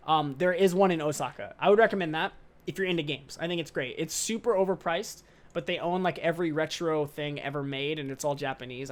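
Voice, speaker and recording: A young man in his twenties with a slightly higher-than-average voice, hosting his own podcast. He talks off the cuff, loose and slangy with the odd swear word. He sounds upbeat and excitable. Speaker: podcast host. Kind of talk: casual podcast monologue.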